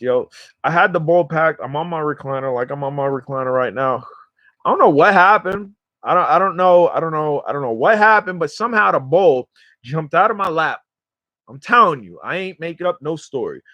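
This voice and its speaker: A man's voice: on the high side, fairly bright tone, dry recording. A man with a New York or New Jersey accent, chatting casually to livestream viewers from his recliner at home, rambling and slangy and easily sidetracked. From New York or New Jersey area. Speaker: smoking vlogger and livestream host.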